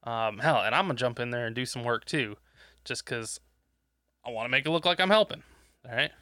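A laid-back man talks crudely with a friend, cursing and laughing as he goes. His voice is bright and forceful, with a dry, close sound and no room around it. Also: mid-range voice, a little fast, no echo. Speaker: podcast co-host. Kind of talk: crude casual chat.

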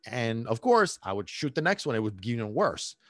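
A man's voice: mid-range voice, very animated, a little fast, dry recording. A man, a dog trainer, casually telling a rambling personal story with many restarts and fillers.

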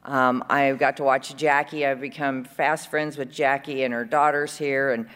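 A woman's voice: extremely low pitch, level tone, moderate pace, fairly bright tone, big-room sound. A woman speaking at a women's conference, chatty and rambling, full of fillers and fond asides. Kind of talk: recovery share at a conference. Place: conference hall.

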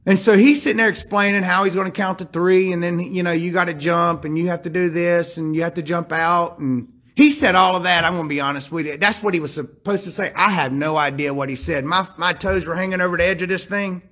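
A man with a notably high voice delivers a sermon, telling a personal story before turning to scripture. He drops into hushed tones and then climbs back up with emphatic, rising delivery. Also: fairly even intonation, a little fast, hardly any pauses. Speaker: preacher.

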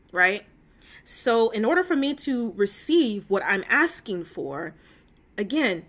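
Woman, host, casual faith talk, earnest, emotional, filler-heavy, slightly high voice. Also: a bit bright. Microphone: phone call.

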